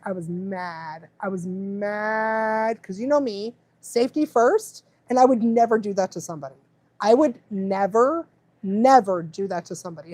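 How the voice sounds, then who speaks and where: A woman's voice: a little high, a little mellow, dry recording. A woman dog trainer hosting a live stream, rambling and laughing often as she goes off on tangents. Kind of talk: casual live stream chat.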